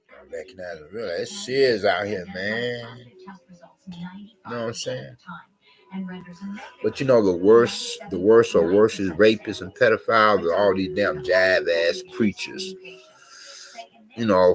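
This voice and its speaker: A man with a low voice rants to camera in a loose, rambling way. He circles back on himself with constant fillers and profanity. Faint music plays behind him. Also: poor audio. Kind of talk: casual rant to camera.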